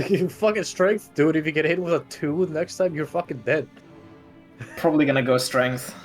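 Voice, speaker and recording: A man's voice: a little high, normal speed, faint music behind. A man playing a tabletop role-playing game, trading crude jokes and banter in casual chat. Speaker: player.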